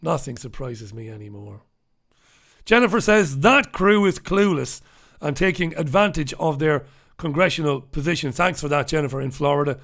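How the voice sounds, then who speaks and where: An Irish host runs a solo newspaper review show, reading viewers' live chat comments aloud and reacting bluntly and sarcastically, with profane asides. His voice is a little high, expressive and a bit bright with vocal fry, at a moderate pace.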